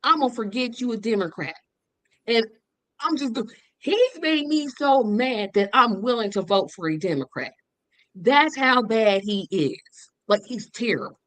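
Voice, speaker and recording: Woman co-host, higher voice, emphatic, dry close sound. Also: animated, a little slow, dry recording, low-quality recording. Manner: emphatic, repeats words for force. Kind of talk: political discussion.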